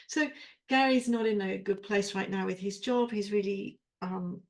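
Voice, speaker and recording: A woman's voice: mid-range voice, moderate pace, gravelly. A woman co-host venting her frustrations in a coaching chat, rambling and exasperated, with swearing. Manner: rambling, with self-interruptions. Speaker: podcast co-host. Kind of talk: venting during a coaching session.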